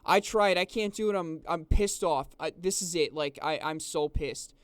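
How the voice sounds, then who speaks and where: A man's voice: on the high side, normal speed, clean tone, dry recording. A young man telling a rambling story, exasperated and restarting his sentences often. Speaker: vlogger. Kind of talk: casual storytelling.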